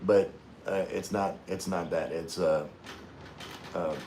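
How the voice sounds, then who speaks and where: Man, low voice, casual livestream chat, rambling, faint background hiss. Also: steady tone, takes it slowly, a little mellow. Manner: rambling, chatty, loses his train of thought. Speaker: livestream host reading viewer comments.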